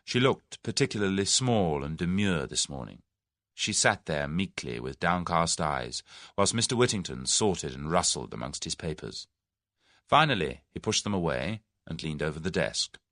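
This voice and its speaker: A male audiobook narrator reads a classic novel with expressive storytelling. His voice sits low and carries a gravelly texture. The sound is close and dry. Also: moderate pace, dry recording. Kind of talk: scripted narration.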